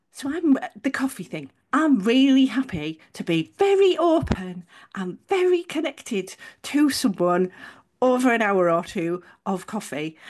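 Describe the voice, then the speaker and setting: A woman's voice: on the high side, a little mellow. Chatty English woman telling a story. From England. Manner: chatty storytelling with restarts and self-corrections. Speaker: podcast co-host. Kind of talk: casual chat.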